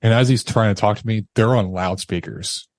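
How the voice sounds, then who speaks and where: A man's voice: fairly low pitch, normal speed, no room sound. A man in his thirties, a podcast guest, telling a harrowing personal story with emotion and acting out the voices of others. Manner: emotional, acts out quoted voices, laughs nervously.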